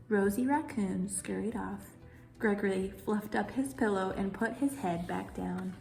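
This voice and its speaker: A woman librarian leading a children's story time, reading a picture book aloud in a lively way. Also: mid-range voice, a little slow, gravelly. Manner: animated, cheerful with children. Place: in front of a green screen. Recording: roomy echo, faint music.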